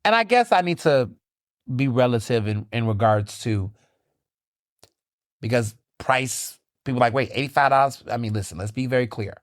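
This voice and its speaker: A man hosting his own podcast, chatting casually and animatedly, telling stories with lively, high-pitched quoted asides. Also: moderate pace, no echo, studio quality. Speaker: podcast host. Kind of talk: casual solo chat.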